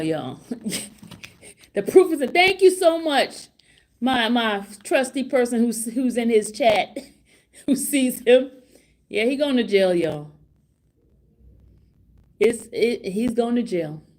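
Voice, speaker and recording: A middle-aged woman vlogging casual commentary outside a courtroom, excited and laughing, repeating herself. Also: fairly high pitch. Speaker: trial vlogger. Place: outside a courtroom, hallway area.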